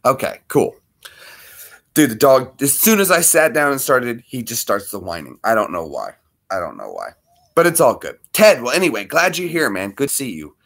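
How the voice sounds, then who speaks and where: A man in his thirties chats casually with viewers on a livestream. His medium-pitched voice swings widely in tone. He greets people by name and breaks off to scold his dog. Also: very animated, moderate pace, vocal fry, fairly bright tone. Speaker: livestream host.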